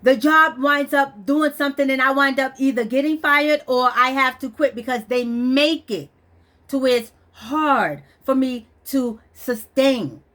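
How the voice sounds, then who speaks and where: A woman vlogger, her voice high, fairly bright, and a little slow, pours out her personal frustrations. She's stressed and weepy, blunt, and swears as she talks.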